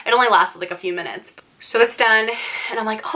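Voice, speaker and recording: Young female vlogger, bright and sharp, casual storytime delivery. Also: fairly high pitch, fairly quick. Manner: chatty, fillers of "like", candid.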